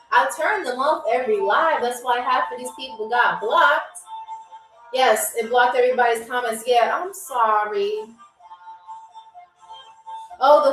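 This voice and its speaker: A woman's voice: fairly high pitch, a bit bright. A woman hosting a live trivia stream, chatting casually and teasing viewers as she reads their comments. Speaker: game show host on a livestream. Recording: roomy echo, distant from mic, faint music.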